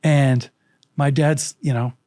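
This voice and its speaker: A man's voice: medium pitch, fairly even intonation, slow, mellow, no room sound, clean studio sound. A man in his sixties, a storytelling coach, telling a childhood anecdote as an interview guest, vividly acting out the people in it.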